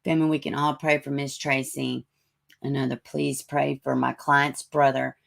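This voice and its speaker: A woman hosting a live stream with a raspy voice, chatting casually, greeting viewers by name and reading out news. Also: a bass voice, flat delivery, normal speed. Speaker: livestream host.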